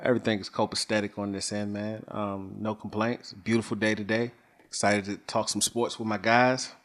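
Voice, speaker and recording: A man co-hosting a sports podcast, easygoing and relaxed in casual chat. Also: lowish voice, moderate pace. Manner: laid-back, easygoing. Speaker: podcast co-host.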